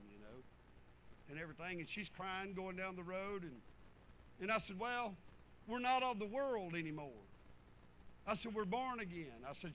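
Fervent folksy preacher man, high bright voice. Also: slight background noise, low-quality recording. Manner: folksy, swings from fervent loud preaching to low muttered asides. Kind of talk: sermon.

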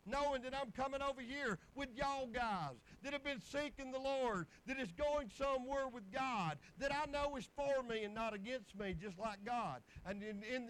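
High-voiced preacher man. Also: fairly bright tone, poor audio. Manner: folksy storytelling with bursts of exclamation. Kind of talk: sermon testimony.

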